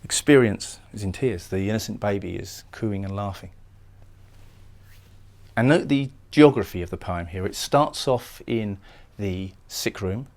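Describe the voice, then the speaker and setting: A man's voice: fairly low pitch, unhurried. A man giving a recorded poetry lecture, explaining lines of a poem and often repeating words as he goes. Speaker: literature lecturer.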